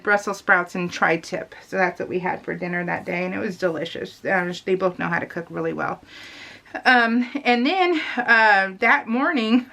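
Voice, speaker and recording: A middle-aged woman chatting casually in a rambling, animated way, laughing often and using lots of fillers. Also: mid-range voice. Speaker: scrapbooking vlogger.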